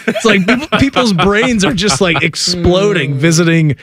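A man's voice: sits high, normal speed, a bit bright, dry recording, studio quality. Chatty male sports radio host. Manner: chatty, storytelling, laughs often. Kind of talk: casual sports radio chat.

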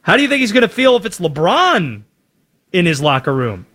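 A man's voice: high voice, very animated, brisk, fairly bright tone. A man giving an emphatic sports opinion monologue, punchy and full of rhetorical questions. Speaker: sports commentator.

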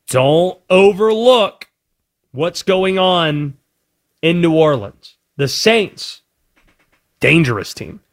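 A man hosting sports talk radio with an energetic, emphatic delivery. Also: fairly high pitch.

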